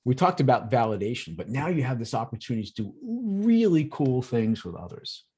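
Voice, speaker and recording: A man presenting a workshop in a relaxed, conversational way over a video call, acting out everyday examples. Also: mid-range voice, brisk, husky. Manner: lively, acts out examples in quoted voices. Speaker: workshop presenter on emotional intelligence.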